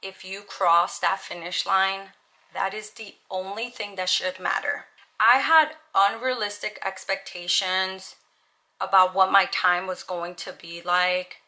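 Talking casually and earnestly to camera, this young vlogger peppers her monologue with "like" and keeps it chatty. Her mid-range voice has a sharp tone and fairly even intonation, at a measured pace.

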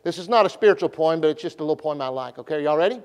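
A man's voice: on the high side, animated, racing, smooth. A middle-aged man, a pastor preaching at a revival meeting in a church, folksy and repetitive, leading the congregation in call-and-response. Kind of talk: revival sermon. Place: church sanctuary.

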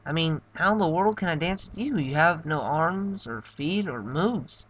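A man's voice: a little high, expressive, moderate pace, a bit bright, voice pushed up. A man voicing a puzzled young princess, Princess Peach. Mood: bemused. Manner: bemused, questioning. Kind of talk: voicing game dialogue in a playthrough.

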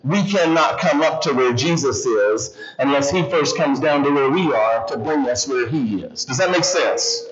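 A guest pastor preaches in a church at a moderate pace with few pauses, his voice medium in pitch, animatedly questioning the congregation again and again. Crowd noise comes through on the slightly dull recording, with the congregation audible.

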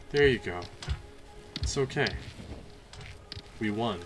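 A young man casually commentating a video game, chatty and jokey, with loud excited outbursts. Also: on the low side, moderate pace, long pauses, loud music behind the voice. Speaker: let's play host. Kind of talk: gameplay commentary.

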